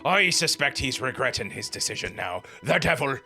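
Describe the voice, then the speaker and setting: Guy putting on a crusty old whaler voice, rustic drawl, bright edge, bit of music under it. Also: mid-range voice, big pitch swings, normal speed, full character voice. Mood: gruff. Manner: rustic drawl, dropping grammar. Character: gruff old retired male whaler, rustic.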